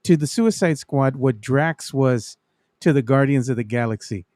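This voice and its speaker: A man's voice: mid-range voice, normal speed, darkish tone, no room sound. A man co-hosting a casual movie review podcast, laughing as he retells scenes and saying "you know" a lot. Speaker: podcast co-host.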